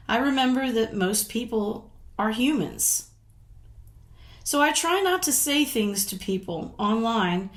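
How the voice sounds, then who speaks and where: Frank, fairly high-voiced middle-aged woman. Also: a bit bright. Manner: frank and indignant, swears, laughs between points. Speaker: vlogger. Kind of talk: casual talk to camera.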